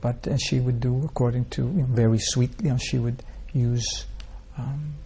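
A spiritual teacher leads an informal scripture class, telling rambling stories and tossing rhetorical questions at his listeners. His medium-pitched voice is dark and breathy with vocal fry, holding a steady tone at a moderate pace.

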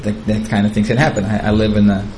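A man's voice: fairly low pitch, little pitch movement, fast, a little mellow, a little hiss or hum, poor audio. A man giving a devotional lecture, retelling scripture in a chatty, digressive way and chuckling at his own asides. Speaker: spiritual teacher.

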